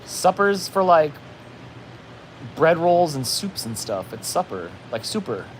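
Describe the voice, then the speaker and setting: A man's voice: a little high, big pitch swings, slow pace, a little hiss or hum. A man hosting a casual livestream, rambling with lots of "like" and reading chat comments aloud. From New England. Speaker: livestream host.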